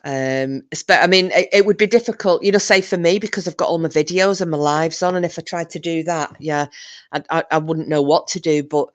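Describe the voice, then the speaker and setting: A British woman with a low-pitched voice hosts a livestream, talking fairly quickly in a casual chat. She reads viewer comments and tells a rambling story that keeps restarting.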